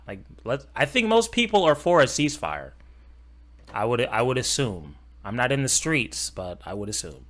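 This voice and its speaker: A man reacting live to a video, cursing and mocking in a heated rant. His pitch leaps widely, from loud outbursts down to muttered asides. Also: very animated, normal speed, long pauses.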